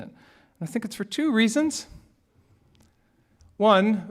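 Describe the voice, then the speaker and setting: Male minister, fairly high voice, relaxed conversational sermon with humor. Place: church sanctuary.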